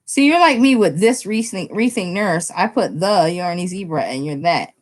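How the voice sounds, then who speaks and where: Chatty woman live-streaming to viewers. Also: moderate pace. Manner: chatty, talks straight to viewers in the chat; excitable, often jumps up in pitch. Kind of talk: casual live-stream chat.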